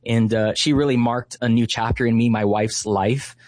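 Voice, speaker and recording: A man in his thirties, a ministry leader, telling a heartfelt story in conversation, often pausing with "uh" and "you know". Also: medium pitch, fairly even intonation, darkish tone, dry recording.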